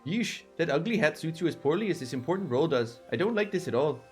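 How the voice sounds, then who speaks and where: A man putting on a haughty, self-important game character with a fake accent, drawling out insults. He speaks quickly, sneers at everyone and treats others as little people. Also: on the high side, animated, a little mellow, faint music behind, natural voice. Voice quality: affected put-on accent. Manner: drawling, smug, belittling. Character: arrogant, pompous male clan leader, smug and condescending.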